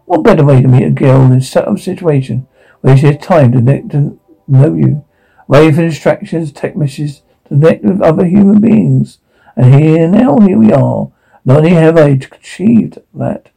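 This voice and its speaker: A taunting, obsessive security guard who gloats over his captive, his gravelly, husky voice sitting a little high, as a man acts him out. He mocks in a dark audio drama and snaps into bursts of rage. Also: full character voice, low-quality recording. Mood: gloating. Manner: taunting, mocking, veers into rage. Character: menacing obsessive male security guard captor.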